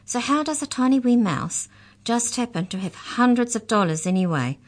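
A woman's voice: low-pitched, lively intonation, normal speed. A woman reading aloud voices an angry, bullying male captor who demands answers and hisses threats. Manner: demanding, hissing.

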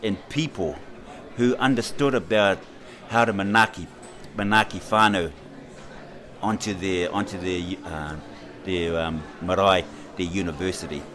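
A middle-aged man with a New Zealand accent, a guest recounting his own story in an unhurried way, with frequent hesitations and lively quoted voices. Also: sits low. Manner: unhurried, animated when quoting others, with many hesitations. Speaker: interview guest. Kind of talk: reflective personal storytelling.

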